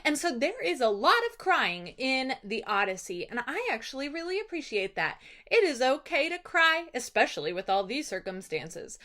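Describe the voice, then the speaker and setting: Animated woman teacher, chatty classroom delivery. Bright, forward tone. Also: high-pitched, normal speed, hardly any pauses. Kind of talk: casual lesson recap.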